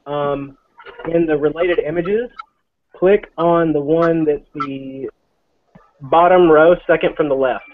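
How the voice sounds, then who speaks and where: A man chatting casually on a live video call, joking and laughing between quick directions. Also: on the high side. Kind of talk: casual chat. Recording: phone-like video call line, faint noise.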